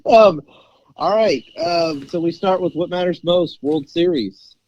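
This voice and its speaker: A man co-hosting a sports podcast, animated and storytelling, with plenty of fillers and laughs. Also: on the high side, unhurried. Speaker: podcast co-host. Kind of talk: casual sports podcast chat. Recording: dry, slightly dull mic.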